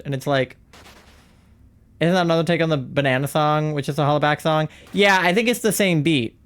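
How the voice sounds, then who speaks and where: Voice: mid-range voice, brisk. A young-adult live streamer chatting casually and rambling while playing a game, often breaking into laughter.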